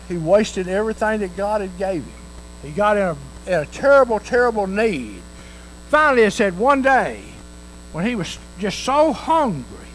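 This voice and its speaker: A man's voice: high-pitched, a bit bright, a little hiss or hum, rough recording. A male pastor preaching a sermon in a folksy way, acting out the voices of the parable as he tells it.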